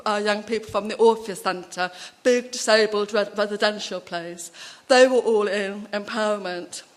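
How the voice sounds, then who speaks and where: A woman speaking at a conference, telling personal anecdotes in a chatty, animated way with many asides. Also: medium pitch.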